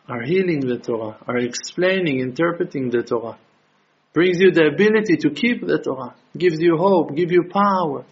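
A man's voice: high voice, creaky, husky. A man giving an impassioned sermon as a religious teacher, building to emphatic peaks. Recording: dull lo-fi recording.

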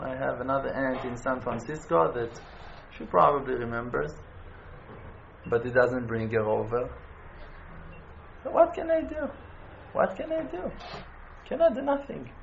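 A man giving an impassioned appeal, pleading, repeating his phrases and swinging between loud urging and quiet, near-tearful moments. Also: mid-range voice, expressive, moderate pace, creaky. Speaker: community speaker making an appeal. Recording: dull lo-fi with faint noise.

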